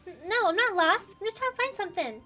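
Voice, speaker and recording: A woman's voice: very high voice, expressive, fast talker, pushed and bright, pitched above the performer's own voice, heavily acted. A woman voicing a stammering little orphan boy. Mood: flustered. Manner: stammering, defensive. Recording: faint game music behind.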